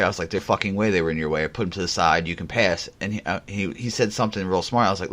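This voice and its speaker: Deep-voiced, blunt male podcast host. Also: fast talker, a bit bright. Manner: blunt, profane storyteller. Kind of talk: casual podcast chat.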